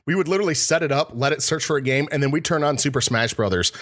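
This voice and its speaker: Quick-talking young man. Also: on the high side, a bit bright. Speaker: podcast co-host.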